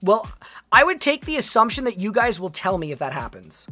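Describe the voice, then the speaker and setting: A woman's voice: mid-range voice, big pitch swings, brisk, sharp tone, faint music behind. A young woman streaming casually, reading her chat aloud and reacting with chatty restarts.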